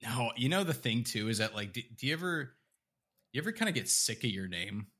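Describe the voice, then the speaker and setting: A man's voice: mid-range voice, very animated, fairly quick, bright, forceful tone, breathy edge. A man co-hosting a podcast, rambling in casual chat with lots of fillers, restarts and laughs. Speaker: podcast co-host.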